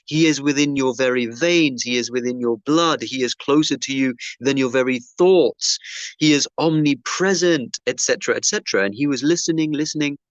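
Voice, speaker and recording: A male preacher telling a personal story in a sermon, acting out the dialogue with lively shifts of voice. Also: mid-range voice, normal speed, no echo, dull audio. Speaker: Muslim preacher.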